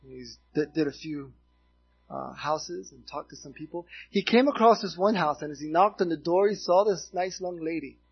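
A middle-aged man from Miami preaching a sermon in an earnest, halting way, telling a story between points, in a dull lo-fi recording. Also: fairly high pitch, gravelly, breathy edge. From Miami, United States. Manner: earnest, halting, with restarts and asides.

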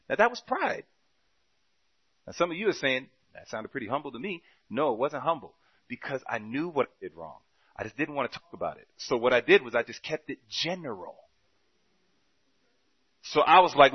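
A man preaching a sermon, telling a story with quoted dialogue and swinging between loud and soft passages. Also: medium pitch, expressive, moderate pace, slightly rough, dull audio.

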